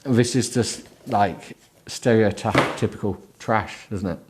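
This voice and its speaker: A tired man with a low voice reads a book aloud as a host, breaking off for sarcastic, mocking commentary. His tone is dry and sleepy. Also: takes it slowly, background noise. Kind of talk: comic book reading with running commentary.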